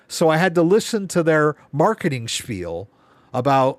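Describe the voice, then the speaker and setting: A man's voice: fairly high pitch, animated, moderate pace, no echo. A man hosting a live Q&A stream, telling a rambling story with exasperated asides. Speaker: live Q&A host. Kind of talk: casual live-stream chat.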